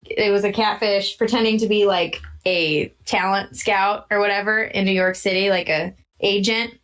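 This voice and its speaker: A woman co-hosting a podcast in casual chat, talkative and quick to laugh, getting loud and animated when she quotes people. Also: mid-range voice. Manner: chatty, laughs often, animated when quoting others. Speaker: podcast co-host.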